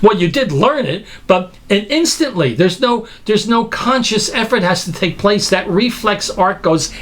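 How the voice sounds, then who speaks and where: A man giving an animated lecture, emphatic and incredulous, acting out everyday examples as he goes. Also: sits high, measured pace, few pauses. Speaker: speaker teaching a lecture series.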